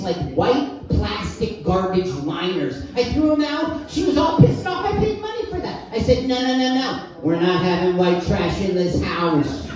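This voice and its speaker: A woman performing stand-up as a crude, henpecked middle-aged husband who complains about his wife, delivering deadpan punchlines and chuckling at her own jokes. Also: medium pitch. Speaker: stand-up comic. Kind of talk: stand-up comedy set. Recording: echoey room from far off, music behind.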